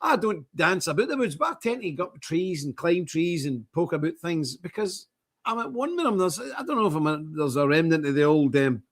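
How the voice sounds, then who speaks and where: Ranting man, husky and lively. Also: a little high, brisk. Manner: scornful, ranting, animated. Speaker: live stream host. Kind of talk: impassioned commentary.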